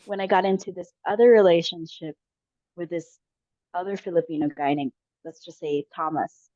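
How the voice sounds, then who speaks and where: A woman's voice: on the low side, steady tone, normal speed, dark tone, no echo. A woman casually telling a personal story on a podcast, with many fillers and restarts. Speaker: podcast guest. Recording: dull lo-fi audio.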